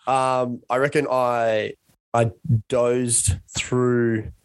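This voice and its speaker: A man's voice: mid-range voice, flat delivery, extremely slow, smooth, no echo. A young man casually telling a rambling, self-mocking story in a chat with a friend.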